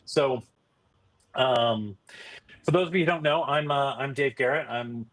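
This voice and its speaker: A man's voice: medium pitch, a little slow, a bit bright. A middle-aged man hosting a casual live stream, talking loosely with many fillers and restarts. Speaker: host.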